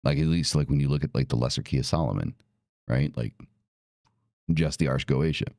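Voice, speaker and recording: Casual podcast host, man, low and gravelly, emphatic and profane. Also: fairly quick, a little mellow, no echo. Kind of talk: casual talk.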